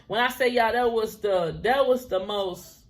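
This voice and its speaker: This young woman, in her twenties, has a fairly high voice and a measured pace. She chats with her viewers about something that happened to her, laughing a lot and drifting into what people said.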